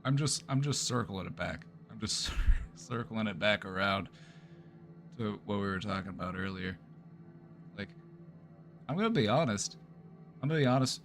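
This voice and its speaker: A man's voice: fairly low pitch, animated, moderate pace, long pauses, fairly bright tone, soft background music. A therapist chatting casually on a livestream, playful and easygoing, often repeating his phrases and laughing. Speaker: therapist streamer.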